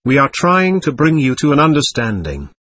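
Man reading a stern, patient male doctor, husky, lectures steadily. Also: mid-range voice, huge pitch swings, moderate pace, a bit bright, no echo, studio quality, exaggerated voice. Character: calm, firm male doctor questioning a spirit. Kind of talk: reading a séance transcript aloud.

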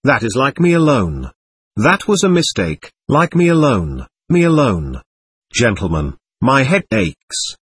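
A man's voice: medium pitch, huge pitch swings, a little slow, slightly rough, exaggerated voice. A man reading the part of an agitated, proud young man under questioning, speaking in an impassioned, pleading way. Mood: anguished. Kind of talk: audiobook character reading.

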